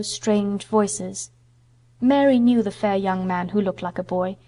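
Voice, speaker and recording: Woman reading an old novel aloud, steady, expressive, mid pitch. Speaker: audiobook narrator. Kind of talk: scripted narration of a classic novel.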